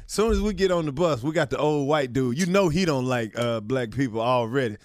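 A man telling loud comic tour stories in casual podcast banter, swearing freely and acting out the people he describes. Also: mid-range voice, fairly quick, dry recording. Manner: animated storyteller, swears freely, acts out others. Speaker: touring comedian.

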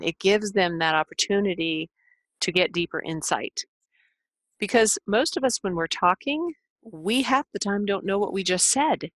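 A woman life coach giving listening tips in a gentle, explanatory way, acting out sample replies. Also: lowish voice, no echo. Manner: gentle, explanatory, models example dialogue. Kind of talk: scripted podcast advice talk.

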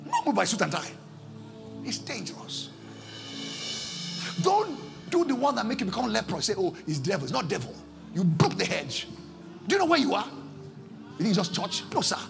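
Nigerian man, pastor preaching a sermon; high gravelly voice, shouts then pleads. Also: wildly swooping pitch, a little fast, music in the background. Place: church service.

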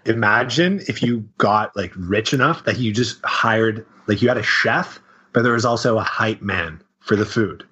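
A man's voice: on the low side, normal speed, sharp tone, breathy edge, lo-fi sound. A young man co-hosting a podcast, riffing on silly ideas with laughs and swearing. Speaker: podcast co-host. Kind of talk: casual chat. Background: hip hop beat.

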